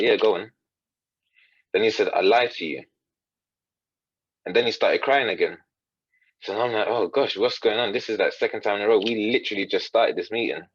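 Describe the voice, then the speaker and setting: This coach, a guest on a podcast, has a fairly low, slightly breathy voice, captured in dull audio without echo. He earnestly recounts a story, repeating other people's words in quotes and frequently starting sentences over.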